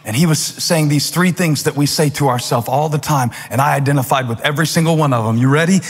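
A pastor preaching a sermon with fervor, building to shouted, repeated refrains in a large church auditorium. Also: male voice, a little high, fast, husky. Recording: long hall reverb.

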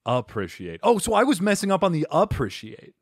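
A man's voice: sits high, big pitch swings, quick pace, husky, no echo, studio quality. A man hosting a casual comedy podcast, laughing often and reading listener questions aloud with stumbles. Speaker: podcast host.

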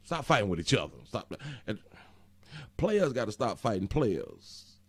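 Animated man hosting commentary. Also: on the low side, unhurried, no echo. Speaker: host. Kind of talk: reaction commentary.

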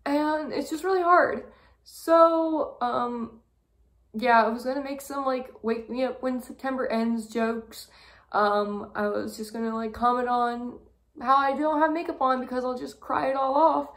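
A young woman with a high voice talks straight to the camera, close to tears. She speaks in halting bursts, with lots of "um" and "like" filling the pauses. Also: steady tone. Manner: halting, with many fillers and pauses. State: fighting back tears. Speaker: vlogger. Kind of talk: personal monthly review vlog.

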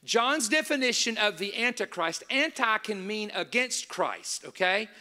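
A man's voice: sits high, very animated, a little slow, pushed and bright. A male preacher giving an emphatic sermon to a live audience, stressing and repeating key points.

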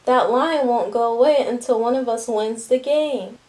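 A woman's voice: fairly high pitch, normal speed, a little mellow, lightly acted. A woman reading the lines of a determined young girl who reasons firmly with her brother. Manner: firm, reasoning. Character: determined young girl, sensible older sister.

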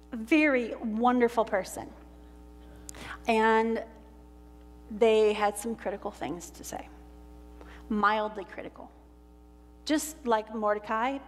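A woman pastor delivering a sermon, telling a Bible story with animated delivery and slowing down for quoted lines. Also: on the high side. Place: church sanctuary. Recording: church hall reverb.

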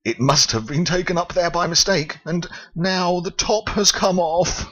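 A man reading aloud and voicing a polite, earnest little male bear with a raised, excitable voice. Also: high-pitched, unhurried, husky, lo-fi sound, pitched above the performer's own voice, heavily acted.

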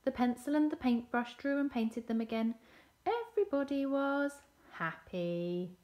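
A woman teacher reading a picture book aloud to children, expressive and asking them questions. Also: a little high, measured pace.

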